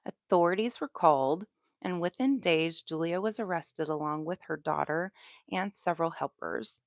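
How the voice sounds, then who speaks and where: A woman with a Southern American accent telling true crime stories on a live stream in a relaxed, chatty way, with asides. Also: fairly low pitch, moderate pace, no room sound. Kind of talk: live storytelling.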